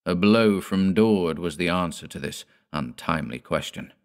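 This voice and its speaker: Man, very deep voice, measured horror narration, deliberate pacing. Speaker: audiobook narrator. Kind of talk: scripted narration of a gothic horror tale.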